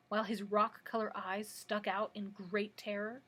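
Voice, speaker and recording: A woman librarian reading a storybook aloud in a plain, steady way, with a husky voice. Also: mid-range voice, moderate pace, few pauses.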